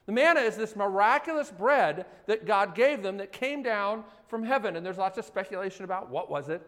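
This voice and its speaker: A man's voice: sits high, animated, a little fast, fairly bright tone. A man preaching a sermon as pastor, talking conversationally and putting many questions to his audience. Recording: hall reverb.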